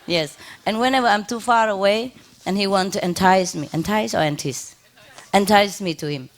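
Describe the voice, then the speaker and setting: A woman's voice: medium pitch, moderate pace. Chuckling woman giving an informal talk. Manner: laughs often, simple non-native English phrasing. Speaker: spiritual teacher. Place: ashram gathering.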